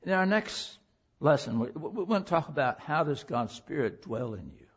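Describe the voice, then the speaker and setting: Impassioned husky-voiced male preacher. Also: a little high, sing-song, normal speed, dull audio. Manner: impassioned, swings from loud pleading to hushed. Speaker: preacher and teacher. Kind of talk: sermon with a personal story.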